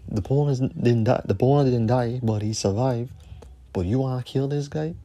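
A man hosts his podcast alone, ranting angrily with heavy swearing. He hammers his points by repeating phrases again and again. His voice has a mellow, darker tone. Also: medium pitch, moderate pace. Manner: angry, profane, repeats phrases for emphasis. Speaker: podcast host. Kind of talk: heated solo rant.

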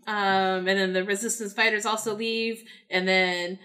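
A woman's voice: mid-range voice, flat delivery, normal speed, bright, forceful tone. A woman co-hosting a podcast, recapping a film in chatty talk with blunt asides. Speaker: podcast co-host. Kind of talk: casual film recap chat.

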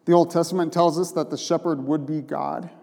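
A male pastor preaching an emphatic, conversational sermon in a slightly high, mellow voice. He keeps checking in with the room through quick rhetorical questions. Long reverb from the church sanctuary trails behind each phrase. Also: steady tone, vocal fry.

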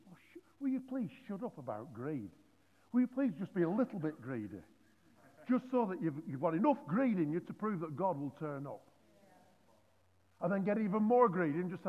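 Preacher, in a reverberant hall. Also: male voice, high voice, normal speed. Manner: animated and joking, with many restarts. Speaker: pastor. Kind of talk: sermon. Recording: phone-like audio in a reverberant hall.

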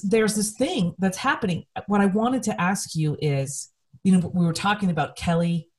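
A woman co-hosting a conversational discussion, speaking earnestly and emphatically while keeping her voice steady. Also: low-pitched. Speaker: podcast co-host.

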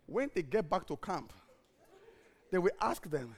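A male pastor preaching a sermon with emphatic repeated refrains, swinging between shouted lines and hushed, low-spoken ones. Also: very animated, measured pace, husky.

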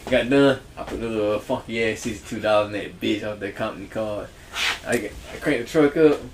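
A man hosting a podcast, telling a casual story that he keeps laughing through and dropping into quiet, low asides. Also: fairly quick, noisy background. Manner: laughs through his stories, drops low and quiet when quoting himself. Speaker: podcast host.

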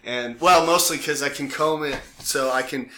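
A man's voice: fairly high pitch, moderate pace, pushed and bright, slight background noise, poor audio. A middle-aged man co-hosting a podcast, chatting playfully and cracking jokes. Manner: playful, jokey interjections. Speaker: podcast co-host. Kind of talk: casual chat.

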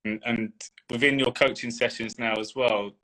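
A man who coaches and mentors others, telling stories in a lively, casual conversation. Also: mid-range voice, normal speed, low-quality recording. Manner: animated storyteller.

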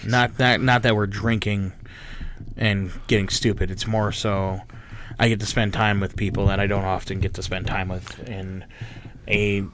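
A man in his twenties co-hosting a podcast, telling a story in a casual, animated, profane way. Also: lowish voice, normal speed, a little hiss or hum. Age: 20s. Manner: animated, profane, mimics people in stories. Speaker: podcast co-host.

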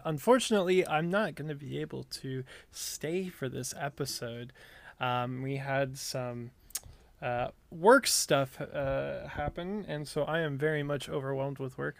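Gravelly-voiced man in casual chat. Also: mid-range voice, dry recording. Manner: soft-spoken, halting. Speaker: podcast co-host.

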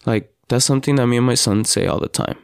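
A father hosting a podcast, telling his story in an earnest, halting personal monologue with frequent restarts. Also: medium pitch, creaky, smooth, dry recording, studio quality. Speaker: podcast host.

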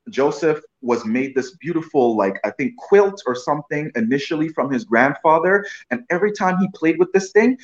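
Rambling man in a roomy, dull recording. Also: mid-range voice. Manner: rambling, frequent restarts, keeps saying "you know what I mean". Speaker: guest actor. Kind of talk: casual storytelling interview.

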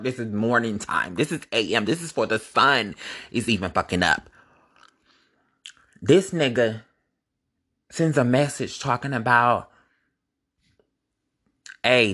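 Animated, cussing young man telling a story. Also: lowish voice. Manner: animated, profane, gossipy storytelling. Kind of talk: casual storytime vlog.

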